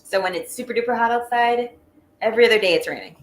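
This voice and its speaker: A woman's voice: on the high side, fast talker. A woman co-hosting a casual live wrestling review stream, talking in a matter-of-fact, teasing way. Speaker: podcast co-host. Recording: echoey room with faint noise.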